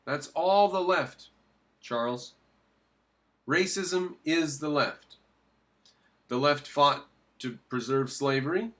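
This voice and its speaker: A man giving opinionated commentary while reacting to a video clip, emphatic and quick to ask questions and answer them himself. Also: on the high side, a bit bright.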